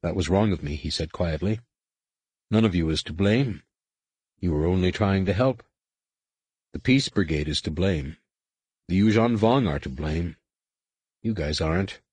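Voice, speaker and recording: A man's voice: deep voice, lively intonation, a little slow, long pauses, a little mellow, husky, dry recording, exaggerated voice. A man voicing a stern, commanding teenage male Jedi who speaks in a firm, clipped way.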